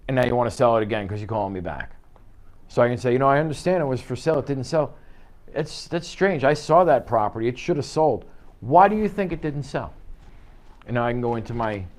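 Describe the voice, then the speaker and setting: A man coaching real estate agents through cold-call scripts in an office. He talks lively and animated, slipping into quoted voices for each side of a phone call. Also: mid-range voice. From United States. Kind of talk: office training talk.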